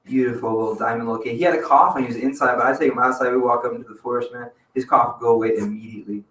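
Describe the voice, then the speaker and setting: A man's voice: medium pitch, fairly even intonation, racing, fairly bright tone. A man telling a rambling, profane story at an open mic, calling everyone "man" and "dude". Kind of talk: casual spoken storytelling. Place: cafe open mic stage. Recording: roomy venue audio from a distance.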